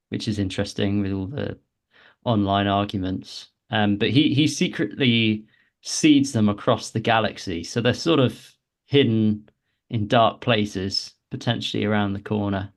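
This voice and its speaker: Low-voiced man musing through game lore. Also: unhurried. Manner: hesitant, restarts phrases. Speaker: podcast co-host. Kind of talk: casual lore discussion.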